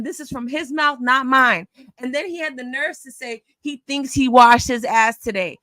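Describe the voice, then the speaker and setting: A woman's voice: sits high, normal speed, sharp tone, no room sound. A woman hosting a casual online chat, telling a story in a blunt, mocking way. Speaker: host.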